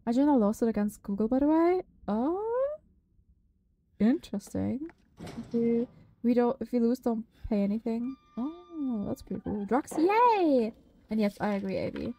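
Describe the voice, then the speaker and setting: A woman's voice: on the high side, lively intonation, normal speed, warm tone, rough recording. A woman live-streaming a horror game, chatting with viewers, swearing freely and shrieking at scares.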